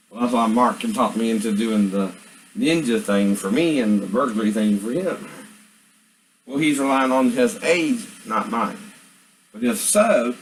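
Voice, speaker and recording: A man's voice: mid-range voice, a little hiss or hum, low-quality recording. A man vlogging at home, rambling and venting as he talks to absent people and keeps asking "right?". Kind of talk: rambling monologue to camera.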